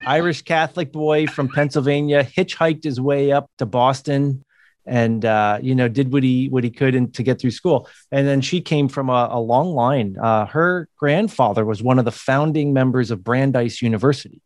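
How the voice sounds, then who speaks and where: A man's voice: mid-range voice, moderate pace, darkish tone, dry recording, clean studio sound. A man from the United States, a communication coach, explaining things in a podcast interview with occasional laughs.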